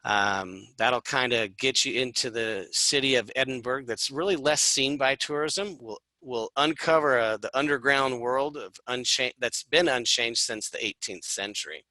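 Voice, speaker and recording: A man walks listeners through a travel itinerary in a loose, chatty way, tossing in asides and fillers. His voice is strikingly bright and sits at a middling pitch. The sound is dry, with no room around it. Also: normal speed, few pauses, dry recording, poor audio. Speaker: tour presenter. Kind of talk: informal travel presentation.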